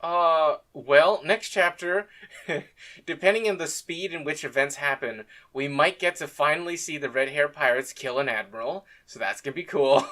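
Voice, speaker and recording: A man's voice: a little high, lively intonation, moderate pace, sharp tone. A man co-hosting a casual review chat, laid-back, laughing often and swearing freely. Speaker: podcast co-host.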